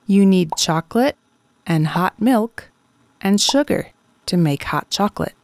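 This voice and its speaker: Slow woman narrating picture vocabulary. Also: medium pitch, lively intonation, darkish tone, no room sound. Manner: clear, repeats single words. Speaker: English teacher.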